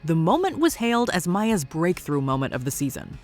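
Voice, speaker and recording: A narrator reads a scripted countdown with a wry, teasing edge. The voice moves lively up and down in pitch at a middle level. Faint music plays underneath. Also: a little fast.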